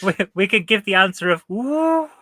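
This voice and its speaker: A man's voice: high voice, animated, normal speed, bright, forceful tone, dry recording. A man from Northeast England with a Northeast English accent, a quiz contestant who trades teasing, mock-indignant banter. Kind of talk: banter on a call.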